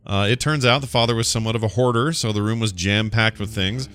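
Low-voiced, forceful male podcast host. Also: fast talker, clear, resonant tone, faint music behind. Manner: laid-back, self-correcting, joking asides. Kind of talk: casual chat, reading news stories.

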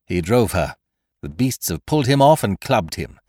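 A man playing a desperate rescuer, hot-tempered and crying out, his voice leaping high and ranging widely. Every word is close and dry. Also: normal speed, no room sound. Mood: grim. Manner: excited, crying out.

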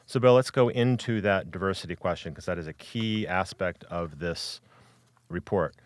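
A man's voice: low voice, dry recording, clean studio sound. A man hosting a podcast, asking long, carefully framed questions. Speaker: podcast host. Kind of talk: interview questions.

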